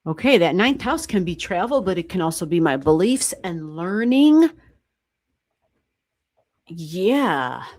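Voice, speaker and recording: Chatty, excitable woman livestream host. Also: on the low side, takes it slowly, pauses often, no echo. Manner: chatty and excitable, swears casually, laughs often. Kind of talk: casual livestream chat.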